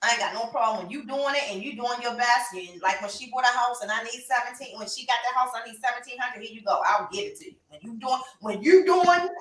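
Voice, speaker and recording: Woman, emphatic, animated, slightly high voice. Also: fast, few pauses. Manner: emphatic, animated storytelling with laughs. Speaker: podcast co-host and reptile breeder. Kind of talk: casual chat. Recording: roomy, distant from the mic.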